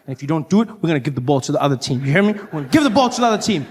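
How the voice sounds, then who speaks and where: A man performing stand-up comedy, telling stories in an animated way and acting out voices along the way. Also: a little high, racing, few pauses, husky. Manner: animated storytelling, lots of acted-out voices.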